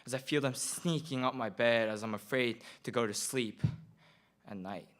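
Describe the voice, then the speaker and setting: Young man, Korean accent, earnest slam poet reading his own verse at a school event, mid-range voice, steady and measured. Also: mid-range voice. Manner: earnest, measured, repeats phrases for effect. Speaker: student poet. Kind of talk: slam poetry performance.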